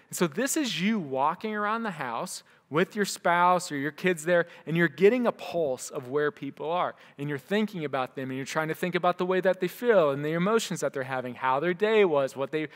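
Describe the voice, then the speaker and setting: A man's voice: fairly high pitch, animated, a little fast, fairly bright tone. Male pastor preaching in a reverberant hall. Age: young adult to middle-aged; father of a young son. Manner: conversational, acts out quoted voices. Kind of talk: sermon. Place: church hall.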